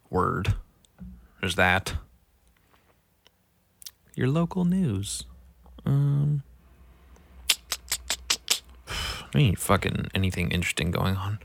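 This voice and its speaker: A young man hosts a solo podcast, reading out local headlines while grumbling and swearing irritably. His voice is low-pitched and creaky with a somewhat bright edge.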